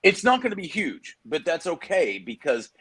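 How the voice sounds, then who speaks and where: A middle-aged man from Texas, a guest on a video-call chat show, telling stories in a hammy, animated way and acting out what others said. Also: a little high, moderate pace, slightly rough. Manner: animated storyteller, hammy, acts out quotes. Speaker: guest, PDR trainer. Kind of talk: casual chat.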